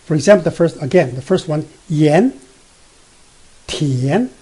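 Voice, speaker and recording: A man teaching beginner Mandarin, explaining slowly with many fillers and self-corrections, and spelling out letters and sounding out tones. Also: on the high side, a little mellow, slightly rough. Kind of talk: beginner language lesson.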